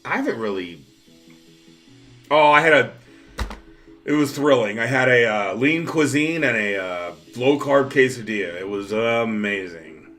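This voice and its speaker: A man with a bright, forceful voice chats casually on a livestream. He rambles and laughs at himself, restarting his sentences often. Faint music plays behind him. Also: mid-range voice, expressive, unhurried. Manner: rambling storyteller, self-mocking, many restarts. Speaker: livestream co-host. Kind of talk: casual chat.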